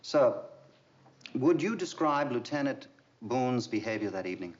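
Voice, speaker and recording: An actor playing a military prosecutor who asks pointed, leading questions. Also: male voice, medium pitch, animated, normal speed, natural voice. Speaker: Navy prosecutor. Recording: dull old TV sound.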